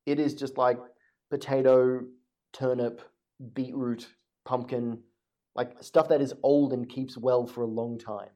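A man running a tabletop game as game master, narrating in a relaxed way with dry, wry humour. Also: mid-range voice, measured pace.

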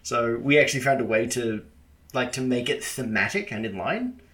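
A man's voice: medium pitch, lively intonation, moderate pace, fairly bright tone. A man hosting a podcast conversation about tabletop games, friendly and prone to stammering restarts. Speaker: podcast host. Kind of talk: casual chat.

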